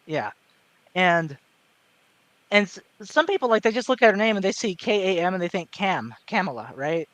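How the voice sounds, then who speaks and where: A man talks in a casual panel chat in an articulate, measured way, with no regional accent. His voice sits high for a man. The sound is dry and close-miked. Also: big pitch swings, a bit bright, no echo. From American South. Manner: articulate, measured, with many fillers and restarts. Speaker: panel guest.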